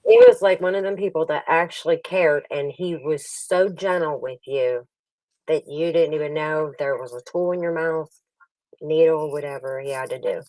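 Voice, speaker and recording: A woman with a low voice tells stories with plenty of laughter and acts out other people's lines. She sounds dry and a little set back from the mic. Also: normal speed, warm tone, dry recording, distant mic, poor audio. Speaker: livestream host. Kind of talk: casual chat.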